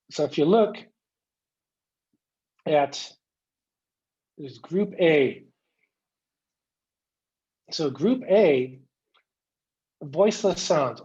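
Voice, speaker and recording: Guy drilling english pronunciation over a video call, slow and encouraging, kinda muffled. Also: on the high side. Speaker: English coach giving a speech. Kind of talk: online English pronunciation lesson.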